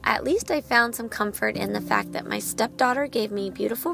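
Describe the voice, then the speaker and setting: A woman's voice: a little high, huge pitch swings, brisk, over music. A woman in her thirties hosting her own podcast as a parent of a child with medical needs, talking candidly and laughing at herself. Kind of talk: personal podcast monologue.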